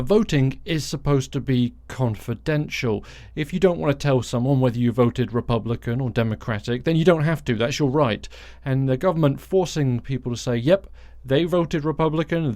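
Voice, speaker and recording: A man's voice: medium pitch, darkish tone, no room sound. A man hosting a solo podcast, delivering a blunt, sarcastic commentary monologue and swearing freely. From outside the United States. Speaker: podcast host.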